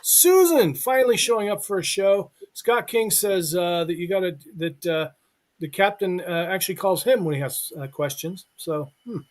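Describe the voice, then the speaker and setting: A man's voice: high voice, animated, normal speed. A man hosting a live online show, joking with co-hosts and reading a guest introduction. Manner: joking, reads intro aloud. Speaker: show host.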